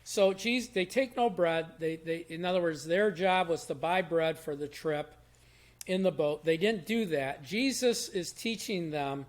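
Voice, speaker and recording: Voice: mid-range voice, unhurried. A Bible teacher giving a short devotional in a casual, conversational way, explaining verses in everyday words and often restarting phrases. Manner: repeats and restarts phrases while thinking aloud.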